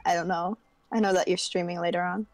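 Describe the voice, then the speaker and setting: A woman's voice: lowish voice, fairly even intonation, fast talker, dry recording. A woman from New York chatting casually about a game on a group voice call. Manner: easygoing, talks about in-game tasks. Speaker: stream participant. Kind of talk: casual gaming chat.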